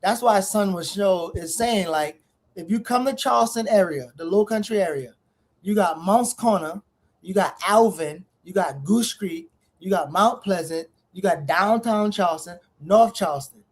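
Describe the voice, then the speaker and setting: Animated co-host telling stories. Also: mid-range voice, breathy edge. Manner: animated storyteller, quick asides. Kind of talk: casual chat.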